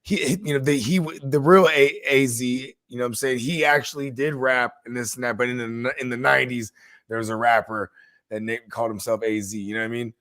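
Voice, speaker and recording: A man's voice: medium pitch, brisk. A man with a mid-range voice chats easily on a podcast, riffing on culture with a loose, conversational flow. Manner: loose, relaxed, says "you know what I mean" often. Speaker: podcast co-host. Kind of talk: casual chat.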